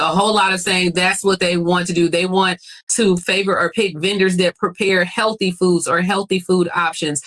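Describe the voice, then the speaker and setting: A woman summarizing a news story for her stream. Her voice is bright and sharp, and her delivery is tired and matter-of-fact. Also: fairly low pitch.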